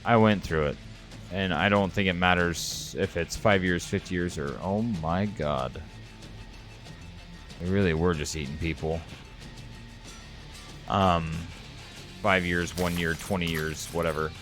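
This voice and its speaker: A deep-voiced man in his thirties streaming a game and talking to his chat. He is earnest and openly emotional, rambling through his thoughts, with faint music playing behind him. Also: steady tone, a little slow, pauses often, fairly bright tone. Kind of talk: casual live-stream chat.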